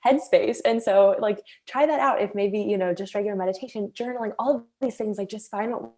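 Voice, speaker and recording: A woman's voice: mid-range voice, fairly quick, a little mellow. Chatty young woman, filler-heavy talk. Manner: chatty, many filler "like"s, acts out her inner voice. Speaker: guest. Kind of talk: casual chat.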